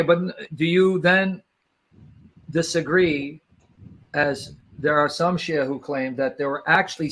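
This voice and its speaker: A man's voice: a little high, a bit bright. A man in a live debate, pressing his opponents with insistent, repeated questions.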